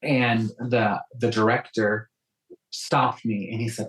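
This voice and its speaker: A man's voice: on the low side, fairly even intonation, a little slow, low-quality recording. A man from South Texas with a faint Southern accent, a guest talking in a casual interview, telling stories with frequent ums and restarts.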